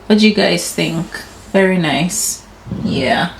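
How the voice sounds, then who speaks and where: A woman in her thirties with a Caribbean English accent, chatting casually to her viewers and her husband at home, giggly and warm. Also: lowish voice, slow pace, gravelly, a little hiss or hum. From Caribbean, grew up in Anguilla. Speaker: vlogger. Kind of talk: casual home vlog chat. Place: home, indoors.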